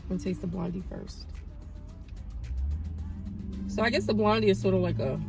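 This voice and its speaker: A woman in her thirties talks casually to her vlog viewers, telling her story in an animated way. Her voice has a gravelly edge, and soft music plays faintly beneath it. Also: medium pitch, moderate pace. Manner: animated storytelling, praises God. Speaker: vlogger. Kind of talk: casual chat.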